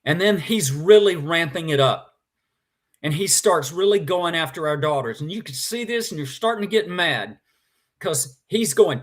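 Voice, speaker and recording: A man's voice: fairly high pitch, lively intonation, moderate pace. A man, a guest in a conversation, telling a personal story with feeling and animation.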